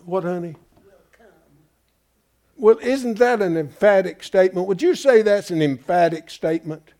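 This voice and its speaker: A man's voice: sits high, lively intonation, a little slow, mellow. A man preaching a Bible-study sermon, emphatic and folksy, often asking his congregation rhetorical questions. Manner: folksy, calls listeners "folks".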